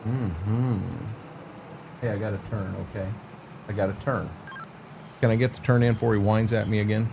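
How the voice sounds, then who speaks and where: A man's voice: on the low side, fairly even intonation, moderate pace, gravelly, background noise. A man chatting casually on a livestream while playing a farming game, rambling in a folksy way to his viewers and his dog.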